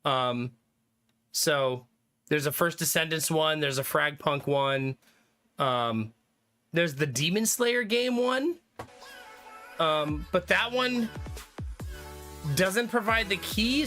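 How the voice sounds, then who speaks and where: A young man talks loosely to his live-stream chat, thinking out loud and filling gaps with ums and likes. His voice sits a little high and sounds bright and forward. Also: expressive, measured pace, pauses often, faint music behind. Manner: rambling, thinking aloud, frequent fillers and laughs.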